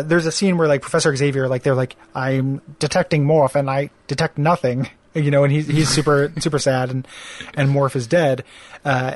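A man's voice: mid-range voice, a little mellow, no echo. A man chatting casually about a cartoon show, rambling with many fillers and laughing as he acts out lines.

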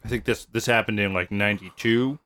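A man on a comedy podcast, telling crude stories in an animated, joking way with laughing asides. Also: on the low side, fairly quick. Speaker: podcast host. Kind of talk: casual comedy podcast chat.

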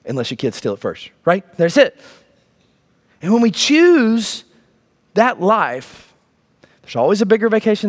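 Animated high-voiced male preacher. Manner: animated preaching, rhetorical questions, sudden drops to low emphatic tones. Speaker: pastor. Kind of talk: sermon.

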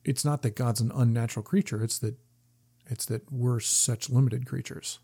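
A man's voice: mid-range voice, fairly even intonation, moderate pace, vocal fry, warm tone, slightly rough. A man co-hosting a book discussion podcast, thinking aloud in casual chat with frequent restarts. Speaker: podcast co-host.

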